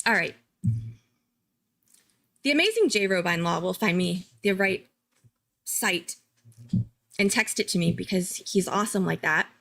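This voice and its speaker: A woman hosting a casual live-stream commentary, chatty and excitable, thinking aloud and laughing often. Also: lowish voice, unhurried, gravelly, long pauses. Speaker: true-crime commentary host.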